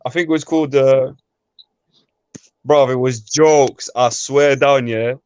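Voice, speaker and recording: A man's voice: medium pitch, steady tone, takes it slowly, darkish tone, clear, resonant tone. A man, laid-back and full of slang, hosting a casual group voice chat.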